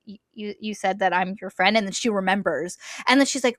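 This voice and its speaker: Young woman, podcast co-host, casual book recap; bright, dry close sound, acts out lines. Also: mid-range voice, no echo. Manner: quick summarizing, acts out characters' lines.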